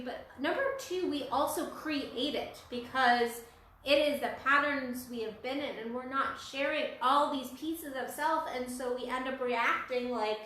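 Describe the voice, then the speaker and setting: A woman with a high, bright voice reflects thoughtfully in a casual conversation and chimes in to agree. She sounds set back from the mic in a very echoey room. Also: distant mic, a little hiss or hum. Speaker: podcast co-host.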